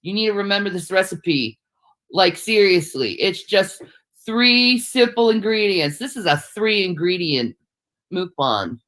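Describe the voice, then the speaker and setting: Woman, livestream chat, chatty with viewers, bright clear tone. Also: medium pitch, sing-song, unhurried. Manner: chatty, talking to viewers while cooking.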